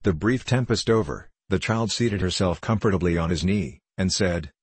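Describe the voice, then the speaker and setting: A man narrating a storybook in a measured, even way. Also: deep voice, slightly rough, dry recording. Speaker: audiobook narrator. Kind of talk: scripted narration.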